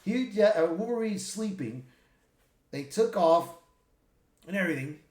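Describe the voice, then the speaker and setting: Male movie reviewer, casual and rambling, slightly high voice, roomy echo. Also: measured pace. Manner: rambling, excitable retelling with many restarts and swearing. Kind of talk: casual spoiler review retelling a film. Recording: echoey room.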